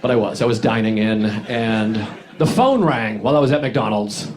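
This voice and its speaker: A man performing a stand-up comedy set on a club stage, deadpan and self-deprecating, dropping his voice low for wry asides. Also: moderate pace, slight background noise. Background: audience laughter.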